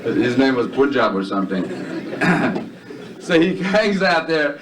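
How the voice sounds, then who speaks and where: A man doing stand-up storytelling at a charity event, animated and jumping between character voices. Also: mid-range voice, unhurried, background noise. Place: event hall. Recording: distant mic with faint room ambience.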